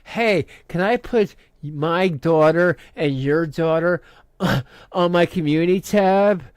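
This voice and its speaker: A host putting on a sneering, singsong caricature of a woman who makes online videos. it bounces high and pushes hard on the jokes, close and dry like a home mic. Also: slow pace, clear, resonant tone, no echo, lightly acted. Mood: mocking.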